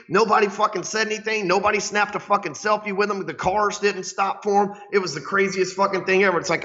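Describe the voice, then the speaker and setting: A man's voice: high voice, pushed and bright. A man talking as a sales coach in a casual, profane, rambling storytelling style, often tagging his sentences with "right?". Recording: dull lo-fi recording.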